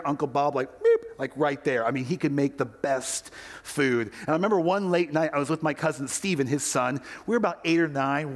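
A man's voice: mid-range voice, long reverb tail. A male pastor giving a sermon and telling a story, acting out the quoted voices as he goes.

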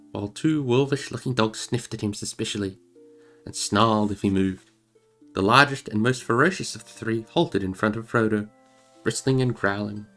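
Male livestream reader: expressive, swinging delivery with a gravelly edge. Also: mid-range voice. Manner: expressive, animated reading. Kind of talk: reading a novel aloud on a livestream.

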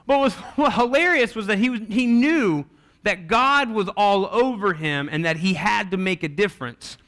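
A man's voice: high voice, moderate pace. A pastor preaching a sermon, telling stories and acting out the people he quotes. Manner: animated storytelling, acts out quoted voices.

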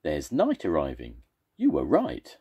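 An older man voicing a grumpy, quarrelsome male monster in a children's storybook, shouting insults and fuming. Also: extremely low pitch, huge pitch swings, unhurried, breathy edge, exaggerated voice. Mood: amazed, friendly.

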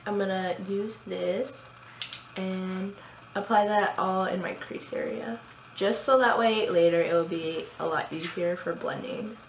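A woman's voice: medium pitch, steady tone, unhurried, vocal fry. Young woman w a little lisp from braces, chatty makeup tutorial, kinda echoey room. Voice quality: slight lisp. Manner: chatty, casual, with frequent fillers. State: talking with new braces. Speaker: beauty vlogger. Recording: echoey room, faint background hum.

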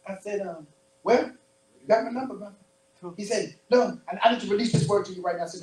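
A male preacher giving an animated sermon, full of storytelling and repeated phrases. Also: high-pitched, fast talker. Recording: roomy distant church recording.

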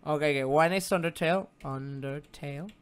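A man whose first language is Spanish, streaming a game live with excitable, theatrical commentary that jumps from muttering to yelping. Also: on the high side, a little fast, smooth. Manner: excitable and theatrical, swinging between mutters and yelps. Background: game music.

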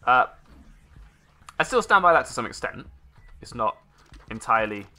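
A man's voice: medium pitch, sing-song, normal speed, pushed and bright. A man giving rambling let's play commentary, correcting himself as he goes with dry little asides. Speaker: gameplay commentator.

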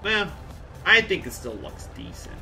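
A man's voice: high-pitched, big pitch swings, measured pace, vocal fry, sharp tone, faint music behind. A man from Central Alberta chatting casually on a live game stream, answering chat with jokey asides. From Central Alberta, Canada. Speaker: game livestreamer.

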